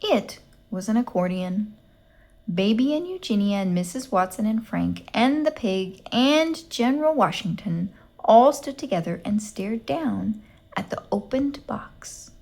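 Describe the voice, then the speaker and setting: A woman reading a children's picture book aloud in an expressive, dryly humorous storyteller's manner. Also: mid-range voice, unhurried, vocal fry. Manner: expressive, dry storyteller's delivery.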